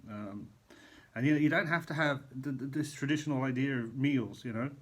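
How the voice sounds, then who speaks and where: A man's voice: mid-range voice, fairly quick. A middle-aged man, a chef, chatting casually in a vlog from a hotel room, rambling and eating as he talks. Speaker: chef vlogger.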